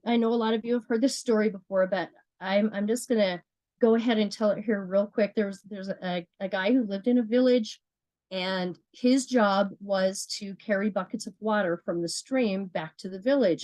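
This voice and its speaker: A woman's voice: mid-range voice, a little mellow, no echo, poor audio. A woman leading a motivational business training, earnest, often repeating herself and asking herself questions as she talks. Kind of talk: motivational sales training talk.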